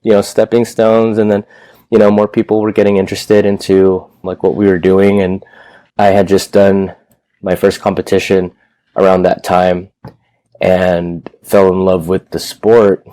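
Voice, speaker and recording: A man in his thirties tells his story as an interview guest. His voice sits low and mellow, recorded dry and close. He rambles casually, doubling back and swearing now and then. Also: little pitch movement, a little slow, dry recording. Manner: rambling storyteller, loose and profane. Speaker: gym owner, guest.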